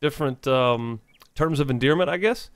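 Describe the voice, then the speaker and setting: A man's voice: mid-range voice, normal speed, no echo, studio quality. A man hosting a gaming channel, giving casual let's-play commentary and thinking aloud with many fillers.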